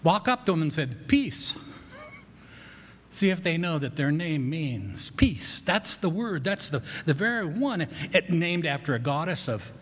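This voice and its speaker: Man, pastor, sermon, folksy and chatty, slightly high voice, echoey church hall. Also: animated, moderate pace, hardly any pauses, fairly bright tone. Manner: folksy, conversational preaching with repeated words and light humor.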